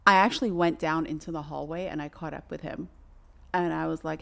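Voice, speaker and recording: Animated middle-aged woman, lowish voice. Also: fairly quick, gravelly. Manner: animated, acts out quoted voices. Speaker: doula. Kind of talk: casual podcast storytelling.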